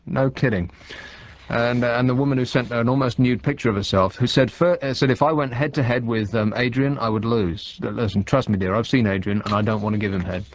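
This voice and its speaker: A man's voice: medium pitch, a little fast, dry recording. A man hosting a late-night radio phone-in, talking in a dry, sarcastic, rambling way. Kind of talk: casual radio chat. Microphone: studio microphone.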